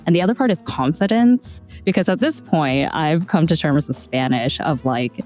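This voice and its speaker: A young American woman, founder of a language platform, answers questions as a guest on an interview podcast, speaking candidly about her own experiences and laughing now and then as she tells stories. Her voice is deep, animated, and darkish in tone at a moderate pace, with faint music behind her.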